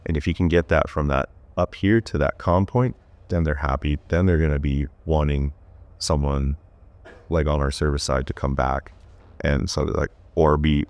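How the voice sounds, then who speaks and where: Man, very deep, dry close mic, easygoing, rambling casual talk. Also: dry recording. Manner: easygoing, talks in long loose runs. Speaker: plumber and fly fishing guide. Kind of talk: casual podcast conversation.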